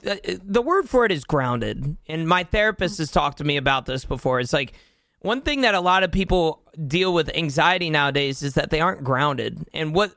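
A man's voice: a little high, gravelly, pushed and bright, no room sound. A young man hosting a casual podcast chat with a friend, upbeat and agreeable, going off on rambling tangents. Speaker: podcast host.

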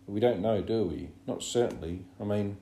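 A rambling boy who hedges every point, voiced by a man reading aloud. The voice stays low and dark, close to the reader's own. The room is roomy, with a faint hum. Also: normal speed, lightly acted. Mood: earnest. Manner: rambling, hedging speech. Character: rambling, earnest boy, unsure.

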